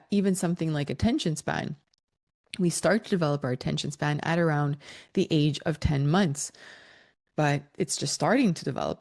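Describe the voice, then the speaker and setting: A middle-aged woman who teaches parents about child development, talking in an animated way and laughing between points. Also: deep voice. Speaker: parenting educator.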